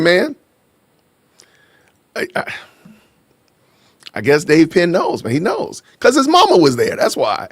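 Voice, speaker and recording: Casting note: animated male livestream host, playful, laughing, slightly high voice, dry close sound. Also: dry recording. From Aurora, Illinois. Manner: playful, laughing, shout-outs to chat. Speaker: podcast host. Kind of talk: casual livestream chat. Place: home in Georgia.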